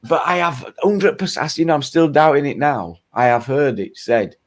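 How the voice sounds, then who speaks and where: A man's voice: fairly high pitch, expressive, moderate pace. Chatty man on a live stream. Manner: chatty storyteller, laughs often. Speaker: host of a live chat panel. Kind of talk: casual chat.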